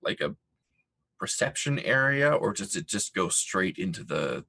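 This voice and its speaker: A man playing in a tabletop game, speaking slowly and hesitantly. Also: deep voice, sing-song, vocal fry, bright, forceful tone. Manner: slow and hesitant. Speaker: player. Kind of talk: tabletop role-play.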